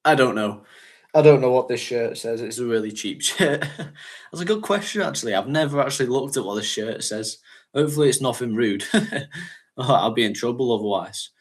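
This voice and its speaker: A man's voice: medium pitch, a little fast. A man from North West England, hosting a casual livestream chat and rambling, chatting and laughing often. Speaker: fragrance channel host.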